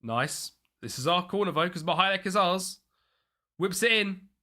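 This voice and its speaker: A man's voice: high-pitched, animated, unhurried, bright, forceful tone. A man chatting as he streams a football management game, reacting to the match and his chat. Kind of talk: live gameplay commentary.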